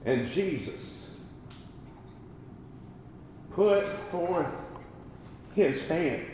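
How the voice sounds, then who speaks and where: A man with a high-sitting, animated voice preaches a sermon at a slow, deliberate pace, his loudness swelling and dropping for emphasis. The very roomy sound has a long reverb tail, like a large hall, over a faint hum of ambience.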